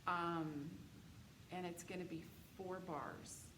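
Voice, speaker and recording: A woman's voice: fairly low pitch, steady tone, takes it slowly. A woman teaching a music theory lecture, patiently explaining dictation exercises and counting beats aloud. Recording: echoey room with background noise.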